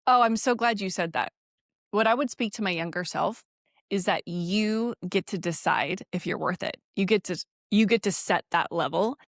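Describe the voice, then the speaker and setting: A woman's voice: medium pitch, normal speed, no room sound, studio quality. A woman in her forties, a podcast co-host, telling a personal story in casual chat, laughing often and acting out the voices in it. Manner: animated storytelling, laughs often, acts out quoted dialogue.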